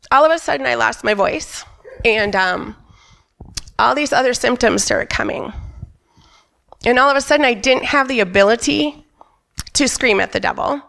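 Gravelly, candid woman sharing testimony. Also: sits high, normal speed, long pauses, sharp tone. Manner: candid, emphatic storyteller who quotes herself. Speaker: church member giving a testimony. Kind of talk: personal testimony at a church service. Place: church stage.

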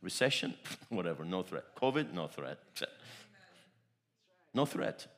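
A man with a fairly low voice delivers a sermon as pastor. He leans hard into bold declarations, then drops into quieter, confiding asides. He tells his stories in rolling, repetitive phrases. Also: sing-song, a little slow. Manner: emphatic, swings between loud declarations and soft asides; storytelling with repeated phrases.

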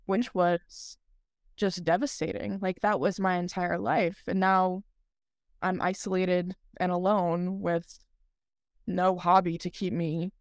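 A woman's voice: fairly low pitch, steady tone, slow pace, dry recording, studio quality. A young woman co-hosting a podcast, telling her story in casual chat with lots of filler words and a laugh here and there. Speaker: podcast co-host.

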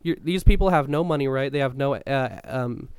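Smooth-voiced young man, casual rambling chat. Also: medium pitch, moderate pace, darkish tone, dry recording, clean studio sound. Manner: loose, rambling, swears a lot. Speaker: podcast co-host.

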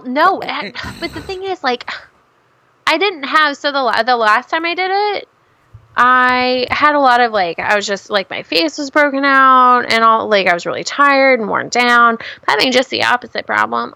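High, gravelly young woman rambling. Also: animated, normal speed, pushed and bright, no room sound. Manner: rambling, profane storytelling with many restarts. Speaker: podcast co-host. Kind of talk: casual chat.

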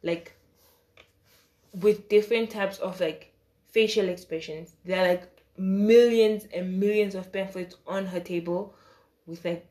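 A woman's voice: mid-range voice, measured pace. Chatty young woman telling a story. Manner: animated, acts out quoted dialogue with shifting voice; chatty and slangy, with asides and laughter. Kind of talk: casual storytime.

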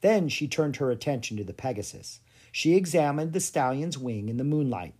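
Expressive, breathy storybook narrator. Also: medium pitch, normal speed. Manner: expressive, animated reading. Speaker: audiobook narrator.

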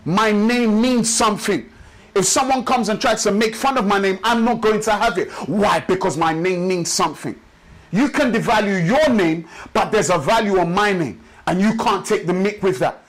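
Male pastor with a high voice, rhythmic repetitive sermon delivery. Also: low-quality recording. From Nigeria. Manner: rhythmic preaching with repeated phrases, slows for emphasis. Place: church service.

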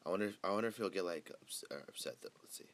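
Very deep-voiced man hosting a podcast. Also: rapid-fire, a bit bright. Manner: rambling, loose, swears freely. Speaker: podcast host. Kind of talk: casual podcast chat.

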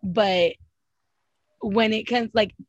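Blunt, husky-voiced woman ranting. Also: medium pitch, steady tone, slow pace, no room sound, highs cut off. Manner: blunt, profane, keeps saying "literally" and "like". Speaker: podcast co-host. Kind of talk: casual reality-TV recap chat.

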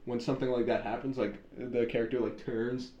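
A young man telling a childhood story in casual chat, slangy and animated, saying dude a lot. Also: mid-range voice, fairly quick, slight background noise. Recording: roomy, dull sound with faint ambience.

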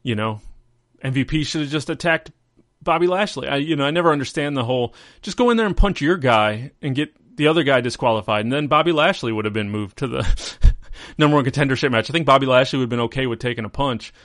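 Guy podcast host rambling thru a recap, mid pitch, super dry close sound, keeps fixing himself. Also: fast, a bit bright, no echo. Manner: rambling, self-correcting, amused. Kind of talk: casual wrestling recap chat.

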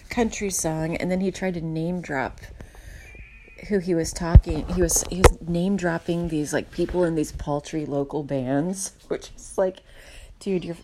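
A woman's voice: lowish voice, dark tone, a little hiss or hum. A woman hosting her own podcast, talking in a candid, rambling and self-deprecating way as a casual monologue. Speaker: podcast host.

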